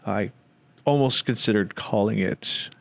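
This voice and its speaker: A man's voice: on the low side, measured pace, gravelly. A man, a wedding photographer, chatting casually on a podcast, rambling and slipping into voices when he quotes people. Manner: rambling storyteller who acts out quotes.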